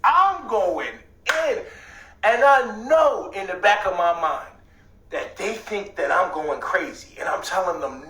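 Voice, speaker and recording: A man telling a rambling story in casual talk, swearing often and at times breaking into shouts. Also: sits high, expressive, unhurried, recorded from a distance. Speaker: host. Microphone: streaming setup. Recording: echoey room, away from the mic.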